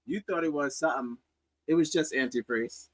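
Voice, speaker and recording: A man's voice: fairly high pitch, normal speed, low-quality recording. A man hosting a comedy podcast, riffing loosely with laughter and profanity. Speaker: podcast host. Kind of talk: casual comedic commentary.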